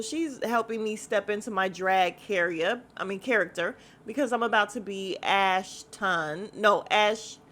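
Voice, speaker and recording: A woman's voice: medium pitch, fairly bright tone. A woman hosting a casual podcast, recapping a reality show in a sassy, blunt manner and swearing freely. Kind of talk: casual chat.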